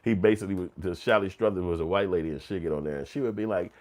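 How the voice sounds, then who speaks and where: A middle-aged man, telling casual, profane, animated stories as a commentary host. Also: mid-range voice, fast talker, few pauses. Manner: animated storytelling, swearing and slang.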